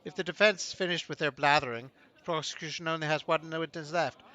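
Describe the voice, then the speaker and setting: A man's voice: a little high, fairly even intonation, fast, sharp tone, lo-fi sound. A man voicing a smug, scheming male prosecutor in a video game, pompous and sneering.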